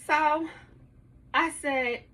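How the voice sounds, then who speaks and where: Lively thirties woman telling stories. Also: high voice, very slow. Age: 30s. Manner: lively, profane, laughs often. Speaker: podcast host. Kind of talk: casual storytelling to listeners. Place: her home studio.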